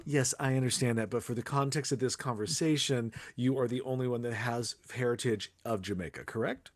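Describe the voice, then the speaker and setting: A man co-hosting a podcast, casual chat, halting as he argues his point. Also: medium pitch, no echo. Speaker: podcast co-host.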